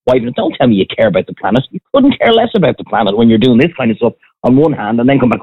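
A man's voice: mid-range voice, very animated, quick pace, hardly any pauses, slightly rough. An Irish man in casual chat, ranting bluntly and with some profanity. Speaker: podcast guest, former restaurant owner. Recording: tinny phone-like sound.

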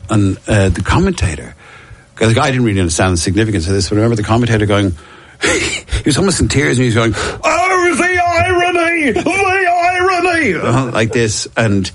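A man's voice: lowish voice, lively intonation, fast, dry recording. A middle-aged Irish man telling long rambling stories in casual chat, with lots of restarts and chuckles. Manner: rambling storyteller, many restarts and laughs.

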